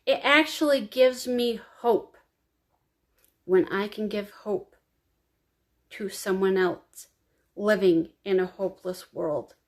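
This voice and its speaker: A woman telling her own life story to camera, confiding and emotional, crying as she speaks. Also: mid-range voice. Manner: emotional, confiding, slow and halting. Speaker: vlogger.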